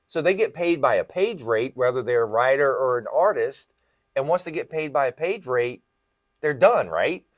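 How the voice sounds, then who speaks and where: Brief: male podcast host, comic retailer, chatty explainer, mid-pitched, dry close sound. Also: lively intonation, normal speed, no echo. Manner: explains at length, often checks in with "right?". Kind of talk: casual podcast chat.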